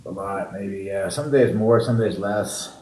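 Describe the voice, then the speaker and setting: A man with a deep, mellow voice speaks a little slowly as a guest in a casual interview. His answers are short and laid-back, dotted with sighs and fillers. The room is echoey, with faint background noise.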